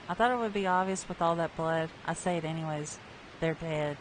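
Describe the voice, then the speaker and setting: A woman's voice: deep voice, fairly quick, a little hiss or hum. Woman streamer reading a story game aloud. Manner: plain storytelling read, with wry asides.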